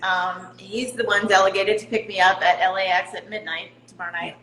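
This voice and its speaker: A woman's voice: medium pitch, level tone, brisk, a bit bright, roomy sound, low-quality recording. A middle-aged woman talking candidly as an interview guest, laughing at herself now and then. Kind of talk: casual interview talk.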